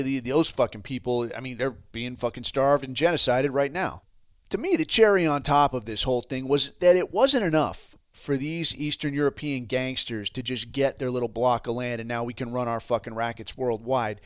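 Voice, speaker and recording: A man's voice: medium pitch, dry recording. Male podcast host, heated profane rant delivery, mid-range voice, dry room. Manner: heated, swearing constantly, sarcastic asides.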